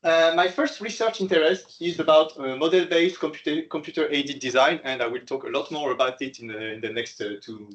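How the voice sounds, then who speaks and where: A man's voice: fairly high pitch, a little fast, hardly any pauses, a bit bright, dull audio. A middle-aged man from France with a French accent, giving an academic lecture, hesitant with many fillers and light self-mocking jokes. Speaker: researcher giving a colloquium talk. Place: lecture room.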